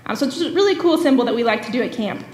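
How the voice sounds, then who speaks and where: A woman's voice: fairly high pitch, expressive, racing. Earnest woman telling stories in an echoey church. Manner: earnest storytelling with frequent "um" fillers. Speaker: camp executive director, guest speaker. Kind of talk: church message, storytelling. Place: church sanctuary. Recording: echoey church hall with long reverb.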